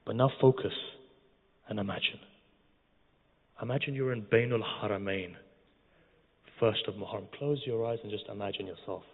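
A man's voice: fairly low pitch, moderate pace, pauses often, breathy edge. Man preaching in an echoing hall. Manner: addresses the audience directly, guides them through imagining a scene. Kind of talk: religious mourning sermon. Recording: tinny, phone-like sound with long hall reverb.

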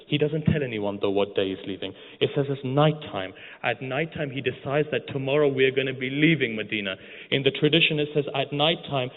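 A man's voice: mid-range voice, a little fast. A man preaching a sermon, telling a story with emotion and repeating phrases. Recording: echoey hall over a thin phone-like line.

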